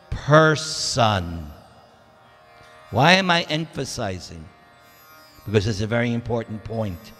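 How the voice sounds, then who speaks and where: A man's voice: on the high side, fairly bright tone. A man giving a scripture class in a temple, speaking emphatically and drawing out key words as he teaches. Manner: emphatic, drawn-out teaching delivery. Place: temple hall. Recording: reverberant temple hall with faint music.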